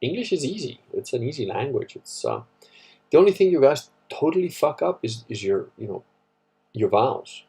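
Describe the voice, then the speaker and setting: Husky man rambling. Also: medium pitch, big pitch swings, moderate pace, darkish tone. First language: Italian. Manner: rambling, profane, wry. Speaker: livestream host. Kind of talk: casual livestream chat reading comments.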